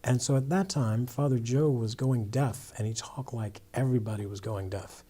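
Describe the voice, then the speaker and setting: A man's voice: mid-range voice, steady tone, moderate pace, warm tone, husky. A man, a guest in an interview, earnestly telling his conversion story with many restarts and "you know"s.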